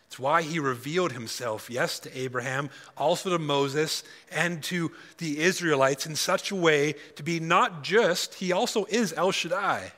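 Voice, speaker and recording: A man giving a sermon as a guest speaker at a conference, reading scripture aloud with emphatic pauses. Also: a little high, pushed and bright, long reverb tail. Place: conference hall.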